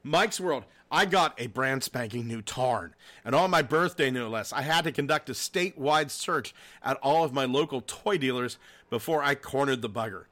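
A man hosting a casual podcast, telling stories in a profane, laughing, animated way. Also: mid-range voice, moderate pace. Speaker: podcast host. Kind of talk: casual chat.

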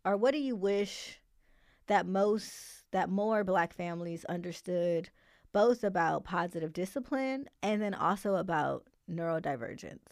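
A woman's voice: on the low side, a little slow, darkish tone, no room sound. Woman, podcast host, casual conversation, thoughtful, reflective, dry close sound. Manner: thoughtful, reflective, frequent ums. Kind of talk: casual interview.

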